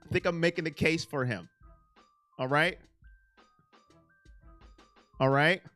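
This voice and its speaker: A man hosting a casual sports livestream, answering chat and swinging from loud to mumbling. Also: a little high, slow, soft background music. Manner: excitable, reads chat names aloud, swings from loud to mumbling. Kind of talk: casual live-chat commentary.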